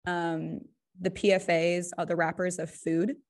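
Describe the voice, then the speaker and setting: A woman co-hosting a podcast in casual chat, talking fast and loose with lots of "like" and "right?". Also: fairly low pitch, level tone. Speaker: podcast co-host.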